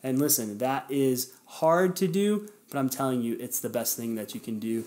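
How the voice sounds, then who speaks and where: A man's voice: mid-range voice, moderate pace, darkish tone. A man hosting a podcast, talking casually and earnestly, encouraging listeners and speaking to them directly. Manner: conversational, with fillers and self-corrections. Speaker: podcast host. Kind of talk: casual motivational podcast talk.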